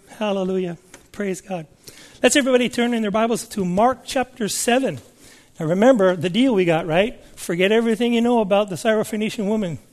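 Preacher, male, high voice, chatty sermon delivery with questions put to the congregation. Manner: conversational, asks the congregation questions. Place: church service before a congregation.

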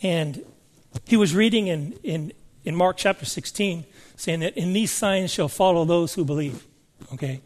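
A man with a high-pitched voice delivers a sermon to his congregation. He keeps it conversational and often checks in with the room by asking questions. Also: moderate pace, darkish tone. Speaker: preacher. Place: church service before a congregation.

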